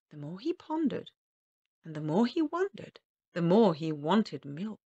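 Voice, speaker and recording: Storyteller reading to children, expressive, slight fry, dry booth. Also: female voice, fairly low pitch, unhurried, dry recording, dull audio. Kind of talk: storybook read-aloud.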